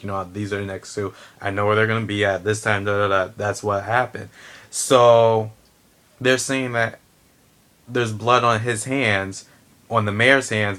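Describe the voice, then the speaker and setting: A man's voice: fairly low pitch, a bit bright. A man giving a heated, blunt opinion rant to camera, swearing and restarting his sentences. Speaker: vlogger.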